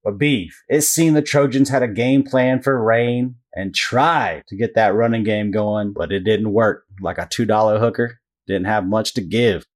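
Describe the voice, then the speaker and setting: A man's voice: on the low side, moderate pace. A man hosting a casual sports podcast, easygoing and joking as he runs through game recaps. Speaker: podcast host.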